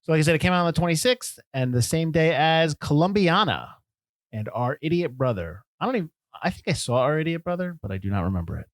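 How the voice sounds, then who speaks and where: A man's voice: on the high side, very animated, fast talker, no echo. A man co-hosting a film podcast in casual chat, jokey and rambling, often laughing. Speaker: podcast co-host.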